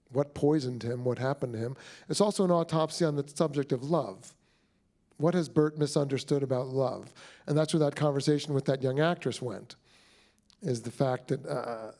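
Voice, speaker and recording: Middle-aged male director, mid-pitched and mellow, effusive and rambling Q&A answers. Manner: rambling, warm and effusive, many restarts. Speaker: film director, guest. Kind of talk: Q&A talk after a screening.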